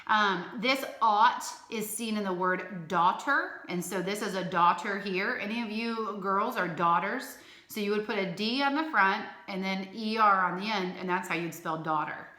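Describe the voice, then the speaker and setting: A woman teaches young children phonics from a room at home, speaking slowly and clearly with bright, ringing tone. She breaks into chanted letter sounds as she walks through each example. The room gives her voice a noticeable echo. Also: medium pitch. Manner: slow, clear, encouraging, with sung chants.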